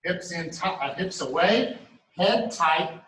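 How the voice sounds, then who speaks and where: Male martial arts coach, bright voice slightly high, echoey room, mic at a distance. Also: slow pace. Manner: steady coaching cues, talks through moves step by step. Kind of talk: class instruction. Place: training studio.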